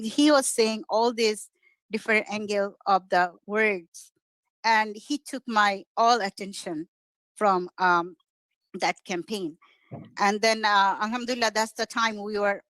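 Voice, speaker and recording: A middle-aged woman from Bangladesh with a Bengali accent, giving an informal video-call speech as a community organizer, halting, full of fillers and restarts, enthusiastic. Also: medium pitch, fairly bright tone, dry recording. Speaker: community organizer and guest speaker.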